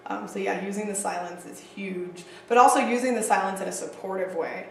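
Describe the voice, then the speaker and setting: A woman teaching counseling skills to a group, chatty and animated with frequent fillers and asides. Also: mid-range voice, brisk, gravelly, a little hiss or hum. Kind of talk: casual training lecture. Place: training room with a group. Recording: echoey room, distant mic.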